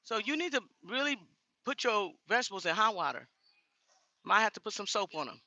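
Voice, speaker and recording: A woman's voice: mid-range voice, expressive, a little fast, pushed and bright, no echo. A woman talking straight to her viewers in a casual vlog, blunt and indignant. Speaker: vlogger.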